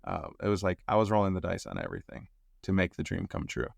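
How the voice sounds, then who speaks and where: Animated storytelling man, dry close sound. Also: fast, gravelly, no room sound. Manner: acts out quotes, rises sharply in pitch when excited. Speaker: podcast guest, entrepreneur.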